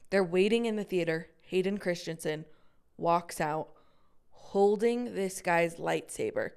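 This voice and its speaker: Woman podcast co-host, quick excitable storyteller, gasps a lot, clean smooth tone. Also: fairly low pitch. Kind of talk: casual chat, answering trivia.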